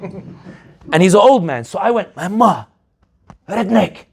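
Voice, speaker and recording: A political analyst speaking to an audience, telling stories and asking rhetorical questions in a lively, animated way. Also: male voice, sits high, unhurried. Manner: animated storyteller, acts out quoted voices, rhetorical questions. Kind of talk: speech to an audience.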